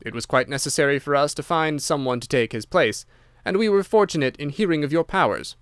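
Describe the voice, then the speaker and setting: A man's voice: a little high, lively intonation, fairly quick, a bit bright, clear, resonant tone, dry recording, studio quality. A man reading aloud, voicing a sinister older captor who giggles and threatens. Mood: smoothly threatening. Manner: menacing, giggling between words.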